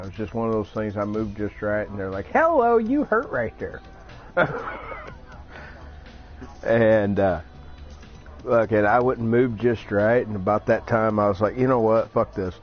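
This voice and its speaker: Older man, low voice, salty and laid-back, swears freely while telling a story, muffled lo-fi audio with soft music behind. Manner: crude, salty, easygoing storyteller. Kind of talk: casual storytelling chat.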